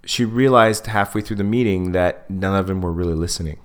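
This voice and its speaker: A man with a very low voice tells a story on a podcast in loose, casual chat. He stumbles and restarts, then jumps into the voices of the people he describes. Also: clean tone. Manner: animated storyteller, acts out quoted people; halting, many fillers and restarts. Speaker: podcast host.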